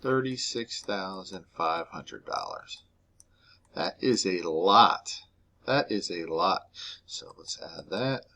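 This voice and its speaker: A man teaching a recorded math lesson, explaining step by step in a relaxed way. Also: deep voice, slow, vocal fry.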